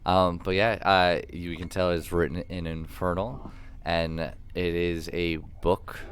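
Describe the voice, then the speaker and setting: A man running a tabletop game as dungeon master, narrating with many pauses and fillers. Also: low-pitched, little pitch movement, clear, resonant tone. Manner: hesitant, filler-heavy narration. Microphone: streaming microphone.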